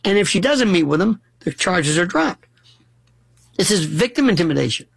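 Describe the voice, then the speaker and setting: A man's voice: sits high, very animated, moderate pace, gravelly, husky, no echo. A middle-aged man hosting a radio call-in show, telling stories with passion and acting out the people he quotes. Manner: impassioned storytelling, acts out quoted voices. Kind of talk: talk radio monologue.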